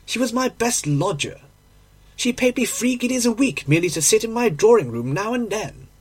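A man's voice: high voice, sing-song, normal speed, breathy edge, pitched above the performer's own voice, full character voice. A man voicing a chatty, deferential London landlady in a read-aloud story. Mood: protesting. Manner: eager, deferential.

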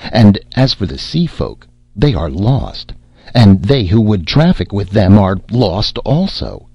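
A man's voice: on the low side, big pitch swings, takes it slowly, vocal fry, dark tone, slightly rough, no echo, dull audio, exaggerated voice. A man voicing a stern, zealous old priest who rebukes in thundering archaic speech. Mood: rebuking.

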